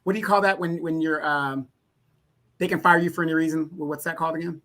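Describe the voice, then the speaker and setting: A man's voice: a little high, fairly even intonation, fast talker, fairly bright tone. Man co-hosting, explaining at length. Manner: explains at length with frequent restarts. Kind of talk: casual discussion.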